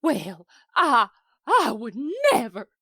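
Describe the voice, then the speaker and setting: A woman's voice: on the high side, sing-song, slow pace, bright, forceful tone, slightly rough, no room sound, clean studio sound, exaggerated voice. A woman voicing a prim, indignant old woman with a put-on British accent. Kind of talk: amateur voice acting.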